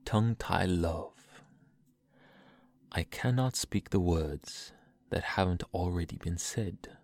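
Young guy whispering poems asmr style, really low and gravelly, dry close sound. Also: no room sound. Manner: soft breathy whisper, slow and drawn out. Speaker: poetry reader. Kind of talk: whispered poetry reading, ASMR.

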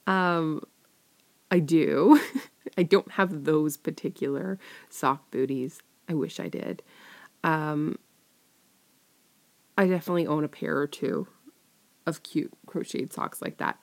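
A young woman chatting casually as an audio creator answering listener questions, often dropping into a soft whisper and giggling. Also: sits low, creaky. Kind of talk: casual Q&A chat.

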